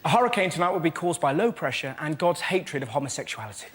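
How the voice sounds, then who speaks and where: A man comedian on a panel show, delivering dry one-liners slowly. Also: fairly high pitch, lively intonation, heavy background noise.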